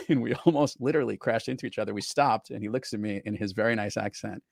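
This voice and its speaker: A man's voice: lowish voice, quick pace, gravelly, darkish tone, no echo, clean studio sound. A middle-aged man hosting a podcast, chatting casually and telling stories. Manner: chatty, storytelling. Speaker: podcast host. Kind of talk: casual chat.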